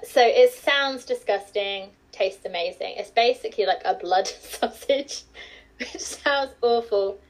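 A woman's voice: on the high side, a little slow, poor audio. A woman with an English accent, a guest on a podcast, chatting casually, laughing often and trailing off with fillers. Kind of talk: casual chat.

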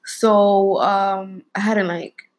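A woman's voice: medium pitch, level tone, very slow, low-quality recording. A young woman co-hosting a casual chat, telling a frank story in slangy talk full of fillers.

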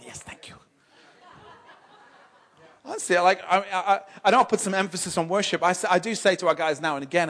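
High-voiced, emphatic male preacher in church. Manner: emphatic, repeats and builds phrases, stammers on restarts; swings from loud exhortation to soft, slow intimacy. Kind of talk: sermon.

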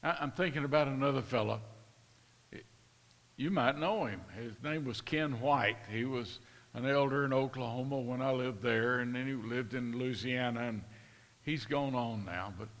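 A man's voice: mid-range voice, a bit bright, long reverb tail. An older man preaching a sermon, telling a story and building to impassioned rhetorical questions in a church.

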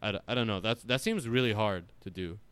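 This co-host on a podcast has a smooth, lowish voice and talks a little fast. He rambles casually and with animation, swearing often and packing his speech with fillers.

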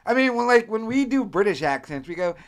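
Podcast host, man from the US, crude rambling banter, fairly high, very lively voice. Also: brisk. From United States. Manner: profane, rambling, mimics accents mid-story.

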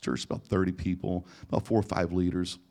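Middle-aged man, pastor, lowish voice, animated sermon storytelling, gets loud and emphatic, live church audience. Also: a little fast, creaky. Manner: animated, rising to near-shouting in emotional parts, frequent restarts. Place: church or conference hall before a live audience.

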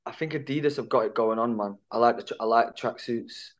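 A man's voice: medium pitch, quick pace. A man who is a guest actor on a podcast, chatting casually, swearing a lot and laughing easily. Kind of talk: casual chat.

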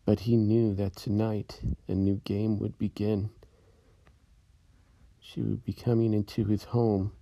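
A man narrating a spooky rhyming story in a slow, brooding, measured way. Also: on the low side, level tone, creaky, dark tone, dry recording.

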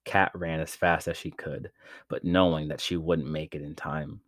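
A man with a very low voice narrates a story in a measured, dramatic reading. The sound is dry and close, with no room echo. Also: flat delivery, fairly bright tone. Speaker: podcast narrator.

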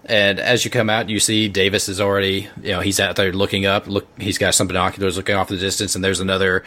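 A man with a low voice runs a tabletop game as its game master. He narrates loosely, circling back and restarting his sentences as he goes. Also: level tone, fast talker, sharp tone. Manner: rambling with many fillers and restarts.

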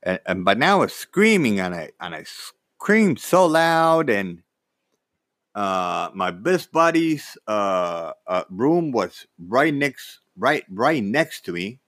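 A man telling a personal story in a rambling, animated way, full of fillers and restarts. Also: fairly low pitch, slow, no echo, studio quality.

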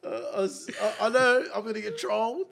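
High-voiced, foul-mouthed man. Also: steady tone, fairly quick, creaky. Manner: swears often, stammers, repeats "listen", laughs loudly. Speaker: podcast host. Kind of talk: rowdy casual banter.

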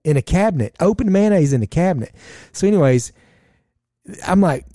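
A man's voice: high-pitched, animated, brisk, mellow, dry recording, clean studio sound. A man telling a rambling, profane story in casual chat, full of fillers and asides.

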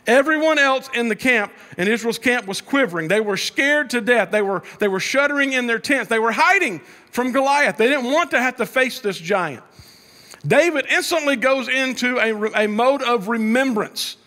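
A man with a notably high voice delivers a sermon from the platform. He talks in a loose, conversational way, restarting phrases often, and builds emphasis as he retells the story. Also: expressive, moderate pace, bright, forceful tone. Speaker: pastor.

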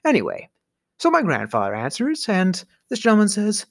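Wry, animated male storyteller. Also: high voice, normal speed, vocal fry, no room sound. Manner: dry, self-mocking, wry asides. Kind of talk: comic storytelling monologue.

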